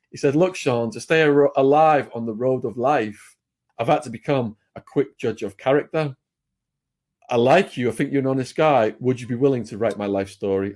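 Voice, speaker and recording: A man's voice: medium pitch, a little mellow. A man with an English accent tells his story as a podcast guest, in a mid-range voice. He talks bluntly and plainly, falling into fillers and restarts as he goes. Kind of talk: casual storytelling.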